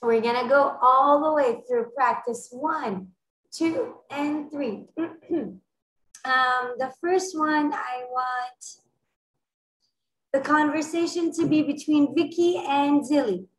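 A woman teaching an online French class to children, encouraging them and modeling phrases slowly and clearly over a video call. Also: sits high, fairly bright tone, roomy sound, low-quality recording.

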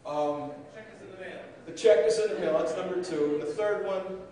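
A man's voice: high voice, moderate pace, a crowd in the background. A man speaking as master of ceremonies at a podium, giving a joking, digressive conference speech and often repeating words. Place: large event room. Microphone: podium microphone. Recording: echoey hall, voice far from mic.

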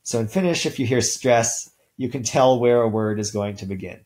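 A male linguistics instructor giving a recorded lecture in a relaxed way, with many ums and uhs and the odd throat clear. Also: mid-range voice, normal speed, low-quality recording.

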